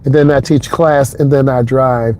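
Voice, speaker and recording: A driving instructor rambles in relaxed conversation with the viewer as he drives along an expressway, recorded inside his car through a wireless clip-on mic connected to a phone. His medium-pitched voice is warm and steady at a normal speed, with a little hiss or hum.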